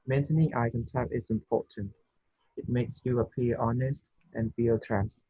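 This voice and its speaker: A man's voice: medium pitch, steady tone, normal speed, breathy edge, no echo, lo-fi sound. A man student reading a text aloud carefully during an online English class, with small restarts. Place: video call.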